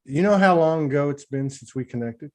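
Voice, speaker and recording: A man's voice: on the high side, expressive, fairly quick. A man hosting an online spiritual talk livestream, speaking casually and emotionally, rambling with restarts as he greets a guest on a video call.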